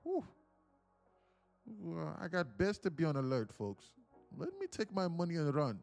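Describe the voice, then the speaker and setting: This is a calm male trading mentor with an Indian accent, put on by a man retelling a story. He speaks in a measured, cautious way and calls his listeners folks. Faint music sits in the background. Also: mid-range voice, natural voice.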